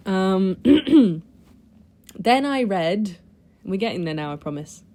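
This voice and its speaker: A woman's voice: mid-range voice, animated, slow, mellow. A young woman talking through books she read in a chatty, enthusiastic vlog, with lots of ums and restarts. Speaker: book vlogger. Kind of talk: casual book review chat.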